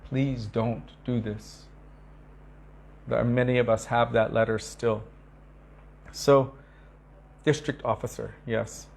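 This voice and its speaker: A man giving an earnest devotional talk to disciples, telling stories with emphatic repetition and acting out quoted speech. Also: gravelly. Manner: acts out quoted speech with sharp pitch shifts. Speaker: spiritual teacher.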